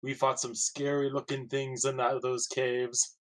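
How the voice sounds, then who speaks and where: A man's voice: medium pitch, level tone, a bit bright. A man playing in a tabletop role-play, speaking in character with an amused tone and frequent laughter. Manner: slow, amused, laughs often. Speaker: player.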